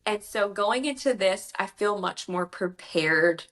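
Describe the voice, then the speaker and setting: A woman author chats in a casual interview, her voice at a middle pitch. She talks in a chatty, heartfelt way and acts out other people's words with lively jumps in voice. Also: unhurried. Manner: chatty, emotional, quotes others in animated voices. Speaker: author guest.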